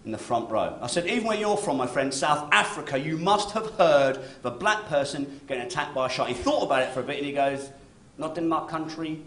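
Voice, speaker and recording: Lively stand-up comic in a club. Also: male voice, fairly high pitch, quick pace, few pauses. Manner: chatty, keeps tagging lines with "right?". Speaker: stand-up comedian. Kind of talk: stand-up comedy set. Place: comedy club stage with live audience. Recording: roomy club recording.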